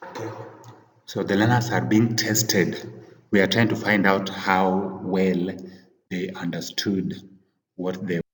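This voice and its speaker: A male teacher giving a vocabulary lesson, defining words slowly and repeating them. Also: sits low, flat delivery, in a large hall, slight background noise, rough recording.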